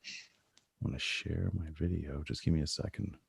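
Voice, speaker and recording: A man hosting an interview in casual chat, excitable, laughing often and poking fun at himself. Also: rumbling low, moderate pace, gravelly, breathy edge. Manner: excitable, laughs a lot, self-deprecating. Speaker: host.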